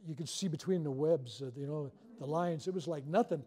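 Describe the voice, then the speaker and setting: A man's voice: on the high side, a little fast, dark tone. A man leading a spiritual workshop, telling a personal story to a live audience in a joking, self-deprecating way.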